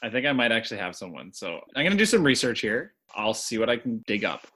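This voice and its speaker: Laid back guy cohosting a podcast, medium pitch, laughs a lot. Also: very animated, quick pace, a bit bright, husky. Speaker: podcast co-host. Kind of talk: casual chat.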